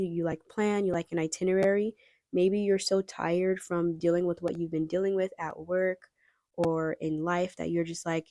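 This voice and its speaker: A woman's voice: lowish voice, dark tone, dry recording, clean studio sound. A young woman giving a casual pick-a-card tarot reading, chatty and rambling as she talks straight to her viewers. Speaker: tarot reader.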